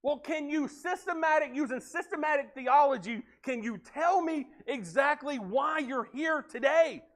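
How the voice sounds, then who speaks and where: A man's voice: very high-pitched, expressive, a little slow, a bit bright, pitched above the performer's own voice, full character voice. A man voicing a probing male supervisor angel who questions formally. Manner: formal, interrogating.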